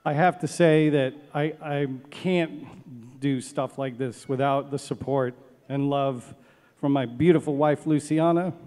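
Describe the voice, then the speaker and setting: A man's voice: medium pitch, a little slow, big-room sound. A man, director of a steel band, giving heartfelt thank-yous to a live concert audience from an outdoor stage. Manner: emotional, warm thanks, chokes up.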